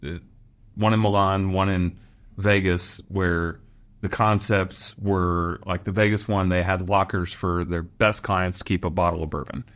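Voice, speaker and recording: A man from Los Angeles, a clothing store owner guesting on a podcast, telling rambling, animated anecdotes with frequent laughs. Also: deep voice. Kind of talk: casual storytelling interview.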